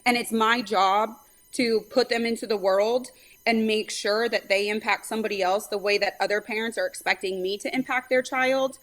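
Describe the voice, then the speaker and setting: A woman from California, a softball pitching coach and a mother, talking earnestly as a guest in an interview, quick to fill pauses with "um" and "like". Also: fairly even intonation, low-quality recording. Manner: talkative, earnest, many fillers. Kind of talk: casual interview chat.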